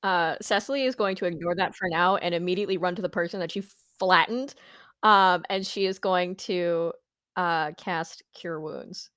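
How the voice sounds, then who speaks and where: A woman's voice: on the low side, steady tone, moderate pace, a bit bright, no room sound. A woman playing a tabletop game, describing what her character does. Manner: casual. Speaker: player.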